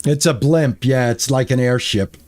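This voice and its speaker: A man's voice: mid-range voice, normal speed, darkish tone. A man streaming a game, chatting with his viewers and easily exasperated as he plays. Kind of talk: casual gameplay commentary.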